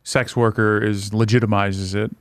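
A man co-hosting a comedy podcast, tossing in quick deadpan one-liners during casual chat. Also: on the low side, no echo, studio quality.

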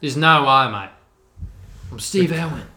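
A man putting on a loud Australian wildlife showman. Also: mid-range voice, animated, a little slow, background noise, lightly acted. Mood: excited. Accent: Australian (put on). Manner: loud, exclamatory, dramatic. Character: excitable male wildlife showman with Australian accent. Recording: roomy echo.

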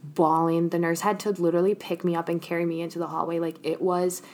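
Young woman with a gravelly, low voice. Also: level tone, quick pace, darkish tone. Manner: candid, emotional, slangy, laughs often. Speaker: podcast host. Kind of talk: casual storytelling chat.

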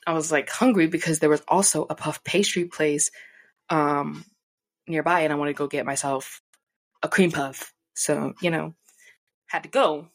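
Young woman, low voice, casual storytime vlog, swears a lot and acts out quotes. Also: normal speed. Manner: animated, profane, acts out quoted people. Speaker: vlogger. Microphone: desk mic.

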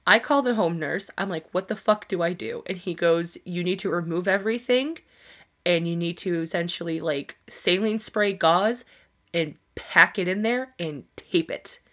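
A woman's voice: fairly low pitch, normal speed, a bit bright. Candid woman telling a story. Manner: candid, swears freely, laughs through her story. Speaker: podcast co-host. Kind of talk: casual storytelling chat.

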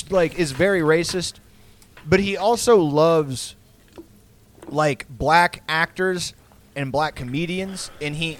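A man in casual podcast chat, rambling with lots of fillers, swearing and laughing often. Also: fairly high pitch.

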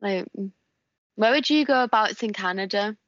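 A woman's voice: medium pitch, moderate pace, fairly bright tone, no echo. Northern english girl in her 20s, wigan-ish accent, chatty podcast guest, kinda dull dry audio. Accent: northern English, Wigan area. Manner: chatty, laughs often, tells anecdotes. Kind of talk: casual chat.

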